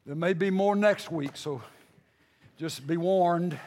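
A male pastor preaching a sermon with passion, repeating phrases and restarting himself, swinging between loud outbursts and hushed lines. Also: fairly high pitch, takes it slowly, long reverb tail.

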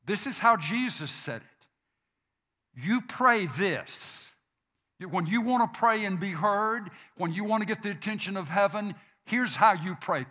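A man preaching a sermon, slow and deliberate, repeating phrases for emphasis. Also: sits high, lively intonation, bright, forceful tone. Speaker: pastor.

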